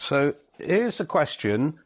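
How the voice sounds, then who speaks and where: A man's voice: on the high side, big pitch swings, takes it slowly, highs cut off. A man hosting a podcast in casual chat, self-deprecating and stumbling over his words. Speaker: podcast host.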